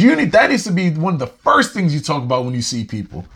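A man hosting his own podcast, talking in a casual, heartfelt and slangy way, slowing down to stress his points. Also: a little high, huge pitch swings, fairly bright tone, breathy edge. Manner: conversational, heartfelt, slangy, slows down for emphasis. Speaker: podcast host. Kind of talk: casual motivational monologue.

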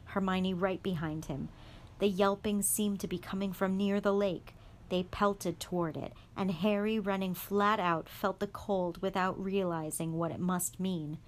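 A woman reading a chapter of a storybook aloud in a calm, even voice. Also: fairly low pitch. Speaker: guest reader.

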